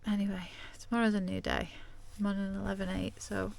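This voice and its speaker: Creaky-voiced woman vlogging. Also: mid-range voice, flat delivery, a little fast, a little mellow. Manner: candid, confessional, chatty. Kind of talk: casual vlog to camera. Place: inside her van.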